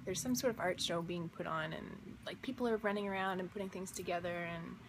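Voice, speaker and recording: A woman's voice: on the low side, a little fast, background noise. Rambling young woman recounting a dream. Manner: rambling, filler-heavy, wondering. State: just woken up. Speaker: vlogger and visionary artist. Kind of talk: casual storytelling of a dream.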